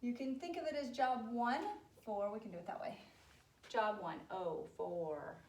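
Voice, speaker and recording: A woman teaching children a spelling lesson, cheerful and encouraging, spelling words out slowly. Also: mid-range voice, darkish tone, echoey room.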